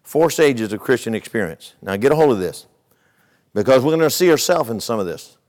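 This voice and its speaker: A man preaching from the pulpit at a middle pitch, spinning out a story in an easygoing, folksy manner. He checks in with his listeners through rhetorical questions as he leads into his teaching. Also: lively intonation, fairly quick, a little mellow. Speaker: pastor. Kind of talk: sermon.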